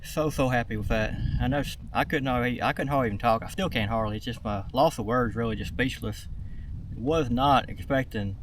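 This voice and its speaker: This fishing vlogger is a young man with a medium-pitched voice who talks a little fast in casual outdoor narration. Fishing from his kayak, he speaks plainly to a camera mounted on it, using lots of fillers, and there's a slight hiss or hum on the audio.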